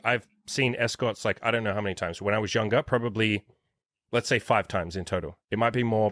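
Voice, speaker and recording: A man's voice: lowish voice, fairly bright tone, dry recording, clean studio sound. A man in his thirties hosting an interview as a dating coach, talking bluntly with plenty of swearing. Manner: blunt, profane, emphatic. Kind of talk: casual interview chat.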